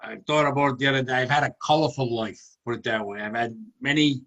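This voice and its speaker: A man's voice: medium pitch, steady tone, quick pace, lo-fi sound. A man in his sixties with an Italian-American accent, hosting a comedy chat on a video call and reminiscing in a rambling way. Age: 60s. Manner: reminiscing, rambling and warm-hearted. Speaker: comedy show host.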